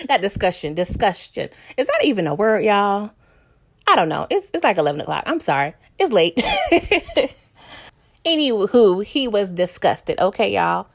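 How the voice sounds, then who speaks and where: A woman's voice: mid-range voice, huge pitch swings, a little slow, creaky. A young woman from New York giving a casual, chatty recap of a TV episode, laughing often and talking straight to her viewers. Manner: chatty, laughs often, addresses viewers as "y'all", acts out characters' lines.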